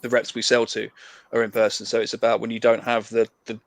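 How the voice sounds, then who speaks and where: A man's voice: medium pitch, completely flat delivery, fast, no room sound. A man with an English accent, a salesman talking in a friendly, persuasive way with many fillers over a video call. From England. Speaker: sales rep on a practice cold call. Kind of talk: casual sales chat.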